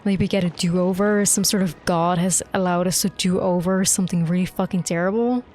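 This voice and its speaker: A young woman streamer reacting live to a game, excitable and gushing, swearing freely. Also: fairly low pitch, brisk. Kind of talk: live gameplay reaction commentary. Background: faint game music.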